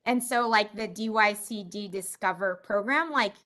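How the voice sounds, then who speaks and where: A woman's voice: medium pitch, normal speed, pushed and bright. Woman leading a video call meeting, chatty, joking at herself. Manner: chatty, self-deprecating humor. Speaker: meeting facilitator. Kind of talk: facilitating an online meeting.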